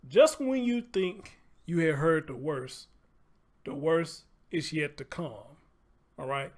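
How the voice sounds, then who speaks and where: Guy running a live show, kinda high voice, rambling and cussing, says stuff twice. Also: lively intonation, slow pace, a little mellow. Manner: loose, chatty, swears freely, repeats phrases. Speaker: livestream host. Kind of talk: casual livestream commentary.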